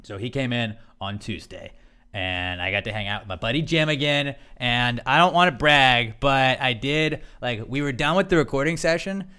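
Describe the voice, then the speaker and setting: A man's voice: mid-range voice, normal speed, bright, forceful tone, clear, resonant tone. A man hosting a podcast in casual chat, telling stories in a rambling way with a lot of laughter. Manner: rambling, laughing storyteller full of restarts. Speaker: podcast host.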